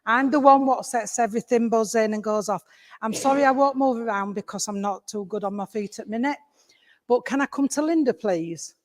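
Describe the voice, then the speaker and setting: A woman's voice: fairly high pitch, fairly quick, slight background noise. Chatty English woman medium in a reverberant hall. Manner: chatty, affectionate, calls listener sweetheart and darling. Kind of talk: mediumship demonstration addressing an audience member. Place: village hall.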